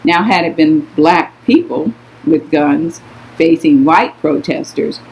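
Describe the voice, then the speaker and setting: A woman's voice: sits low, takes it slowly, gravelly, darkish tone. An older woman telling stories in a casual conversation with her adult daughter, speaking in an emphatic, outspoken and indignant way. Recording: muffled lo-fi recording.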